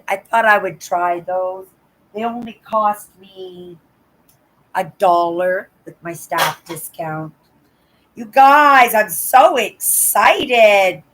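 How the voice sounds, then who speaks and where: An older woman with a hoarse voice, chatting in a rambling way on her live stream from home and repeating words. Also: on the low side, bright, forceful tone, low-quality recording. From Canada. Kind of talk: casual chat. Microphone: laptop.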